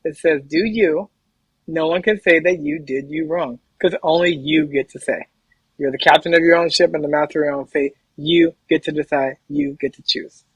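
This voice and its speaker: A man speaking very fast and hyper as a podcast guest in a casual interview chat. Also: fairly high pitch, expressive, creaky, a bit bright, breathy edge, dry recording, poor audio.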